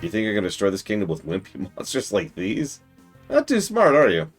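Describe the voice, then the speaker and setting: A man's voice: fairly low pitch, huge pitch swings, brisk, breathy edge, faint music behind, exaggerated voice. A man reading a cocky boastful warrior. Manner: brash, bragging, mocking. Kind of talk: reading game dialogue aloud in character.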